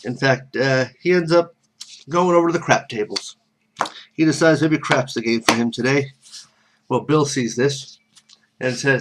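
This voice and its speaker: A man's voice: medium pitch, moderate pace, fairly bright tone. A man telling a casual spoken story with rambling, self-correcting asides.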